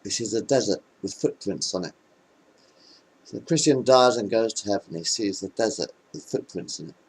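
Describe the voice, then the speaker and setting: A man casually telling jokes into a webcam in a rambling, hesitant, deadpan way. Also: fairly low pitch, moderate pace, husky, low-quality recording. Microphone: webcam microphone.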